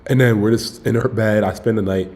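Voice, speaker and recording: A man's voice: fairly low pitch, fairly even intonation, brisk, a little mellow. A young man on a casual livestream, telling a dating story in a loose, rambling way and saying "bro" constantly. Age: young adult. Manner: rambling, self-interrupting. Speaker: streamer.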